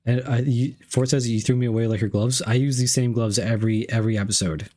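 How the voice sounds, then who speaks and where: A man's voice: medium pitch, steady tone, fast, dark tone. A young man streaming live, reading chat messages aloud and unboxing gifts, playful and repeating himself.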